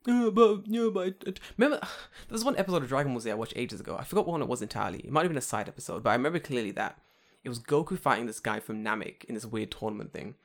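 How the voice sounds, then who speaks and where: A man co-hosting a podcast in casual chat, excitable and profane, breaking into loud outbursts. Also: mid-range voice, racing, vocal fry. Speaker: podcast co-host.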